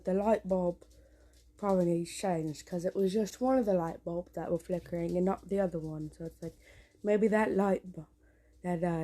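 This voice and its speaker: A woman vlogging from a dark room at home, rambling with frequent restarts, jumpy and swearing often. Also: on the low side. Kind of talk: casual home vlog.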